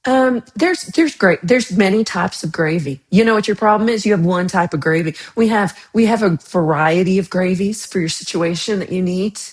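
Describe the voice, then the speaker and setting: A woman's voice: medium pitch, moderate pace, few pauses. A woman from Texas hosting a casual livestream, chatting with viewers in a chatty, teasing way with playful outrage. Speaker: livestream host.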